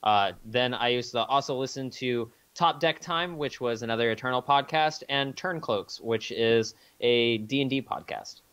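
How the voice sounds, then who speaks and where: A man's voice: medium pitch, normal speed, hardly any pauses, fairly bright tone, clean tone, highs cut off. A man co-hosting a podcast in casual, profane chat with lots of fillers. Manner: loose and profane, many fillers. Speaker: podcast co-host.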